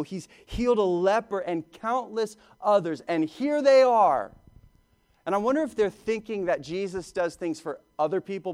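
A man delivers a sermon in a loose, conversational way, stumbling over and repeating words as his thoughts run ahead. His voice sits a little on the high side for a man. He sounds like a pastor talking to his congregation, not reading a script. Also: a little mellow.

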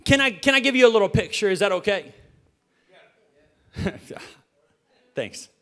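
A man's voice: high voice, animated, a little slow, a bit bright. A man preaching a casual, joking sermon from a church stage, chatty and playful, with stammered restarts and questions to the congregation.

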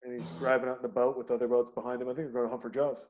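A man's voice: medium pitch, level tone, very fast, a little mellow, a little hiss or hum. A man co-hosting a casual chat, talking in long, profane, emphatic rants.

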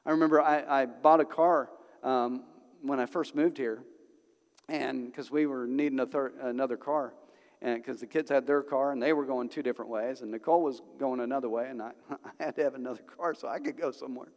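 A man's voice: mid-range voice, steady tone, brisk, a little mellow. A middle-aged man preaching a sermon as pastor, telling stories conversationally and building to emphatic bursts. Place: church sanctuary. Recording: long church hall reverb.

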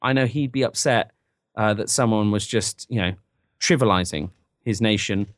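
A man's voice: lowish voice, normal speed, no room sound. An English man co-hosting a podcast, chatting casually with dry, ironic humor. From England. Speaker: podcast co-host.

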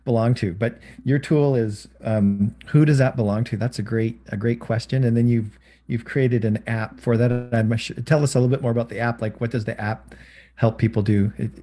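A man's voice: medium pitch, fairly even intonation, normal speed, mellow. A man hosting an interview, reflecting on what the guest said and asking follow-up questions. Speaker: host.

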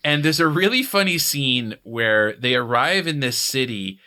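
Guy podcasting, bright voice, laughs a lot while retelling a tv episode, does silly voices. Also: medium pitch, animated, unhurried. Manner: laughing storyteller, puts on goofy character voices. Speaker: podcast co-host. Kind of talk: casual chat recapping a TV episode.

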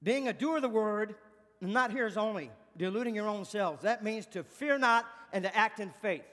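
A man delivers an emphatic sermon in a notably high voice. He repeats his questions for force and slips into quiet spoken praise. The sound carries a long hall reverb. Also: moderate pace. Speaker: preacher.

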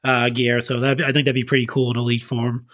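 A man's voice: mid-range voice, flat delivery, fast talker, fairly bright tone. A man joining a podcast chat, easygoing and casual.

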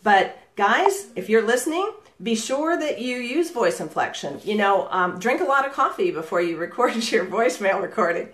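A middle-aged woman leads a live coaching session with plenty of vocal inflection and bright energy, breaking into easy laughter. Her voice sits at an ordinary pitch for a woman. The sound carries a roomy echo, as if picked up over a video call. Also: animated, moderate pace, hardly any pauses. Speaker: real estate marketing coach.

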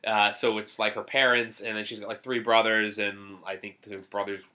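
Bright-voiced man chatting about films. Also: lowish voice, flat delivery, normal speed. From Boston area. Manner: enthusiastic, rambling with restarts. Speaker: podcast co-host. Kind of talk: casual film chat.

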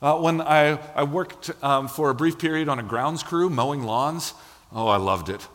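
Animated male preacher in a reverberant hall. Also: fairly high pitch, moderate pace. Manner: animated storytelling, acts out quotes. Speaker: pastor. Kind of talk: sermon. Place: church sanctuary.

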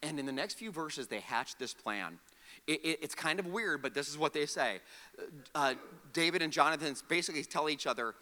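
A man preaches with a sharp, ringing tone and a fairly high voice that leaps up and down as he tells the story. He voices the characters himself and has the audience repeat key words. His voice carries a long reverb through a large hall. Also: brisk. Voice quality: animated storytelling, acts out the characters' lines. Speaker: pastor. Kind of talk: sermon.

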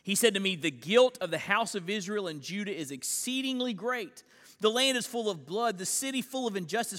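Bright high-voiced man preaching. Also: expressive, a little fast, big-room sound. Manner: earnest preaching with repeated restarts, reading scripture aloud. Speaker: pastor. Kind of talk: expository sermon.

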